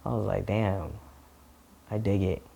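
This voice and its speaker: Young man, interviewee, lively storyteller, a bit low-pitched. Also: unhurried, gravelly. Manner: animated storyteller, laughs often. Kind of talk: documentary interview.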